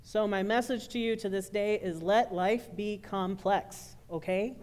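A woman minister ending a sermon and then guiding her congregation through a bread communion in a relaxed, friendly way. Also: mid-range voice, normal speed, hardly any pauses. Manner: warm, informal, directing a congregation. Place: church sanctuary.

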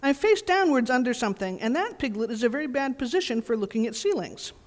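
A woman voicing a simple, gentle male teddy bear who speaks humbly and hesitantly in a storybook reading. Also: a little high, sing-song, quick pace. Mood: humble. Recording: reverberant church hall.

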